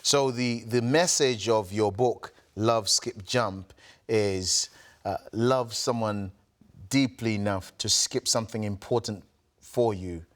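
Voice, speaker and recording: A man hosting an interview who asks his questions haltingly, repeating words as he starts. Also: lowish voice, a bit bright. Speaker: interview host.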